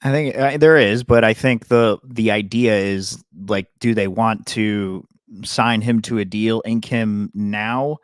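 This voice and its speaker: Low-voiced man, laid-back sports chat. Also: slow, smooth, no room sound, studio quality. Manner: relaxed, rambling, many fillers. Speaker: sports podcast co-host and radio reporter. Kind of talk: casual chat.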